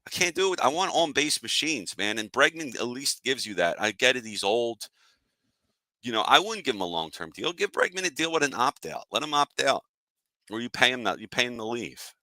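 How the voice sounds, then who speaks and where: A man's voice: medium pitch, sing-song, a little fast, pushed and bright, no echo. A man hosting a casual sports show, ranting in an annoyed, fired-up way and answering chat viewers. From Philadelphia area. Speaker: sports podcast host.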